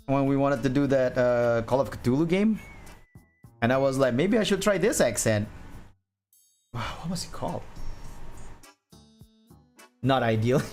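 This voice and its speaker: A man talks casually while he draws on a stream, musing aloud and chuckling at his own slips. His voice swings widely in pitch and he takes his time. Soft music plays behind him. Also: lively intonation, measured pace, long pauses. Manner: rambling, thinking aloud, laughing at himself.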